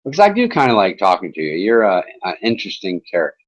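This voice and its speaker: A man's voice: deep voice, huge pitch swings, fast talker, dull audio. A man hosting an internet talk show, chatting in a casual, rambling way with mocking sarcasm and swearing.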